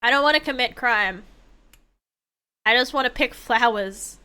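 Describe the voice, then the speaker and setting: A young woman streaming a game, chatting casually in a rambling way, swearing freely and breaking into excited outbursts. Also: on the high side, measured pace, smooth. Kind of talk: casual gameplay chat.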